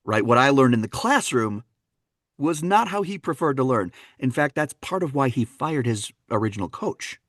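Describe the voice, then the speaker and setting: A man from Wisconsin, a dialect coach, telling stories on a podcast in an animated, laughing way. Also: mid-range voice, normal speed, dry recording, clean studio sound. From Wisconsin, USA. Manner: animated, laughing, fond of voicing characters. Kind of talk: anecdotal storytelling in a podcast interview.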